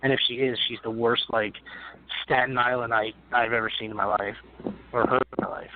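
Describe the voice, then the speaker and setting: A man speaking at a middle pitch, blunt and crude, ranting in short bursts full of fillers. The sound is narrow and phone-like, with a light hiss behind it. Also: fairly even intonation, fairly quick. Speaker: co-host. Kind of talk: casual chat. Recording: tinny phone-like audio with faint hiss.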